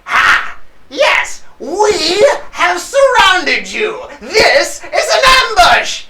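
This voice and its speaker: A game master voicing a boastful, panicky male kobold bandit leader in a tabletop game, shouting his lines. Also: very high-pitched, very animated, drawn-out words, echoey room, very noisy, voice pushed up, full character voice. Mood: blustering.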